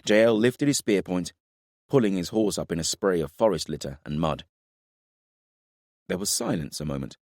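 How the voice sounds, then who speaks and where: A man narrating a fantasy audiobook in a measured, dramatic reading. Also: sits low, animated, darkish tone, no echo, studio quality.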